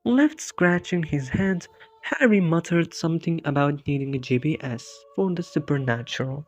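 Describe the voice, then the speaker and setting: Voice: medium pitch, moderate pace, no echo. Dry jokey comedy narrator. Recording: dull lo-fi with faint music.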